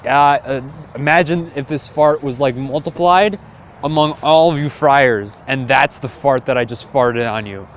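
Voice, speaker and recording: A man's voice: mid-range voice, a little slow, a little hiss or hum, lightly acted. A man voicing a crafty, resentful sick old husband with a grumbling, sly manner.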